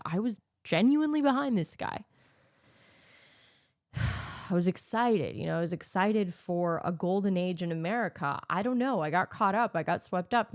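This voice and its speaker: A woman's voice: medium pitch, darkish tone, dry recording, studio quality. A woman hosting her own podcast, ranting solo in a sarcastic, profane, opinionated way. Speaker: podcast host.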